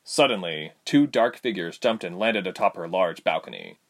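Man, narrator, storybook reading, lower voice, animated rises and falls. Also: normal speed.

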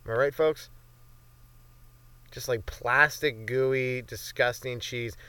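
A young man hosts a comedy podcast, riffing off the cuff in a loose, rambling way and swearing freely. His voice sits at an ordinary middle pitch. He is close on a dry mic with no room sound. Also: steady tone, slow pace, bright, forceful tone, clean tone, dry recording. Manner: loose, profane, rambling with lots of fillers. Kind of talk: rambling stand-up style monologue.

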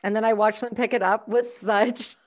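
Animated, laughing woman from Canada. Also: on the high side, moderate pace. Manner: animated storyteller, swears, laughs a lot. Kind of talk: casual chat.

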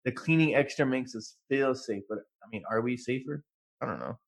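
A man's voice: mid-range voice, brisk, vocal fry. Laid-back slangy young man. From California. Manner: laid-back, slangy, says "bro" and "dude". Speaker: podcast co-host. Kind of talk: casual chat.

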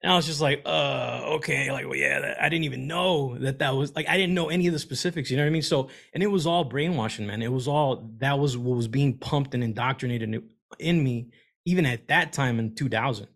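A man's voice: medium pitch, fast, vocal fry, fairly bright tone. Rambling man caller, informal. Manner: rambling, informal, filler-heavy. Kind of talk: casual question to a guest.

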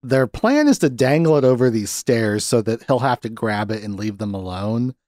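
Laughing, animated young man recapping a film. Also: medium pitch, normal speed, no room sound, studio quality. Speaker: podcast host. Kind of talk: casual movie review chat.

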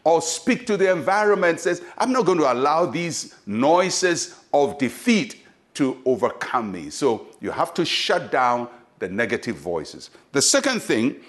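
An older man preaches a devotional sermon with lively, rising and falling intonation. His voice sits a little high for a man, and he acts out the voices he quotes. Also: a little slow. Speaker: pastor.

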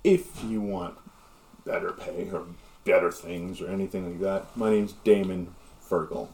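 A smug red-bearded dwarf leader in a tabletop game brushes everyone off, as a man puts him on. The voice sits low and offhand, with a dismissive tone. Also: a little slow, darkish tone.

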